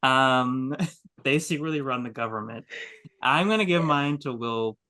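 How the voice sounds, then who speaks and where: Slow, wry, chuckling co-host. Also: mid-range voice, bright, forceful tone. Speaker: podcast co-host running a game wheel. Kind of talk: casual chat with mock-grand game hosting.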